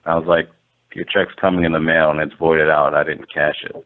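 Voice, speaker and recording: A man's voice: very deep voice, fairly quick. A man, a landlord guest, telling a story casually and rambling, full of "like" and acted-out quotes. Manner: rambling, animated, lots of "like" and quoted dialogue. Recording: tinny phone-like line.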